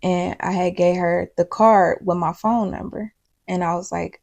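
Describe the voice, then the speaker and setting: A young woman tells her viewers a personal story. Her voice is gravelly, and her delivery is rambling and emotional. She keeps to a casual, chatty tone. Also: lowish voice, fairly even intonation, moderate pace, a little mellow. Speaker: storyteller vlogger.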